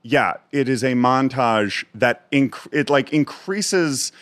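A man guesting on a podcast, chatting casually in a self-deprecating, halting way with many restarts. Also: mid-range voice, fairly bright tone, no room sound. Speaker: guest comedian.

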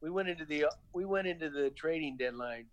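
A middle-aged man with a gentle Southern accent, a former baseball manager telling stories as a podcast guest, rambling with lots of restarts and "you know.". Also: on the high side, quick pace, no room sound, muffled recording. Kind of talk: casual interview talk.

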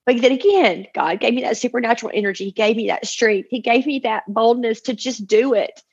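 A woman in her forties gives a heartfelt personal testimony about her family, her words spilling out earnestly as she acts out the people she quotes. Her voice is husky, with a gravelly edge. The recording is somewhat dull and lo-fi. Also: a little high, fairly quick. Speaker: mother sharing a personal testimony.

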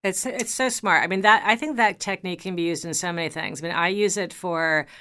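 Bright, clear-voiced woman in her fifties. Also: on the low side, a little fast. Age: 50s. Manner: enthusiastic, chatty, many fillers and restarts. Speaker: podcast host. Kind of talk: conversational interview.

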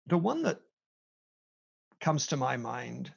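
A man's voice: mid-range voice, very animated, takes it slowly, gravelly, husky. A middle-aged man with a British accent, a guest in a podcast interview, telling his story with energy and playful emphasis. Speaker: guest, company CEO. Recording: dull lo-fi audio.

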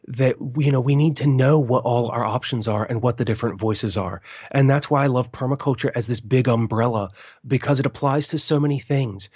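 A man's voice: mid-range voice, darkish tone, slightly rough, no room sound. A man in his forties, an interview guest from the United States, talking earnestly and reflectively in long, winding sentences. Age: 40s. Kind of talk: casual interview chat. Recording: dull, slightly muffled, dry sound.

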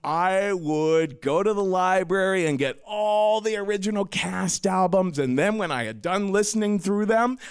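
Male storyteller, theatrical and self-mocking, lively swooping pitch, gravelly edge. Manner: dramatic, self-mocking, acts out the voices of people. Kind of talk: live personal storytelling.

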